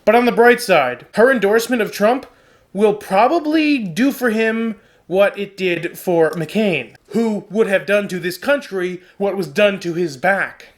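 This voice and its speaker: A man's voice: sits high, unhurried. A man hosting a satirical comedy show, delivering a sarcastic, mock-dramatic rant. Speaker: host.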